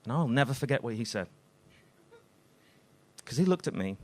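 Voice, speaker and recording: A man doing a stand-up comedy routine on a club stage, telling deadpan self-deprecating stories full of swearing. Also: mid-range voice, normal speed.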